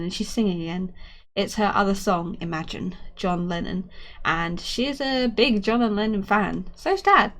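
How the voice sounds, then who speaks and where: A woman reading a children's novel aloud as a storyteller, earnest and expressive in the first person. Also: mid-range voice.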